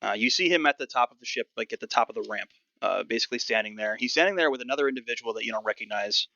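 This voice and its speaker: Gravelly, bright-voiced male game master. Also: medium pitch, rapid-fire, no room sound. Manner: relaxed, loose narration with many fillers. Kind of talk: narrating a tabletop game. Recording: dull lo-fi dry mic.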